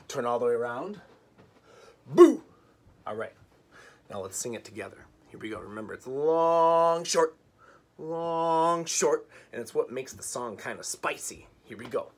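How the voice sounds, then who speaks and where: A man teaching an online music lesson for children, patient and clear, leading rhythm chants and songs. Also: mid-range voice, animated. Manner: slow, patient, sings and chants rhythm games.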